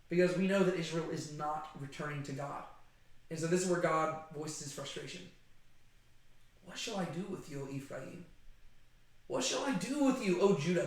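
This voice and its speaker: A man giving a casual, animated Bible study talk, chatty and conversational, often checking in with "right?". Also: high voice. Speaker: Bible teacher. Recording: very echoey room.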